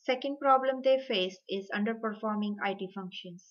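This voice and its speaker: A woman student presenting a case study, reading carefully and measured. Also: medium pitch, highs cut off.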